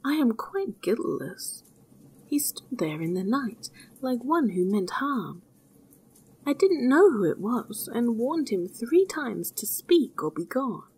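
Storybook hero, a bold naive young man, earnest and husky, unhurried as a woman reads him. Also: on the high side, very animated, darkish tone, voice pushed up, heavily acted. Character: fearless naive young man, eager and plain-spoken.

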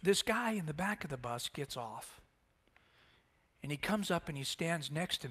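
A man preaching a sermon, telling a personal story with animated delivery and acted-out dialogue in a church sanctuary. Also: fairly high pitch, normal speed, pauses often, breathy edge. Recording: long church reverb.

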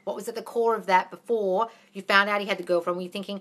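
A woman's voice: mid-range voice, fairly even intonation, fast, few pauses, fairly bright tone. An Australian woman hosting a casual live Q&A as a manifesting coach, blunt and sweary, calling everyone darling.

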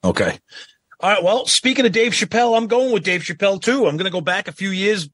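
A middle-aged man co-hosting a casual podcast chat. He talks with eager enthusiasm and agrees quickly. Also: high voice, big pitch swings, a bit bright, husky, dry recording. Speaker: podcast co-host.

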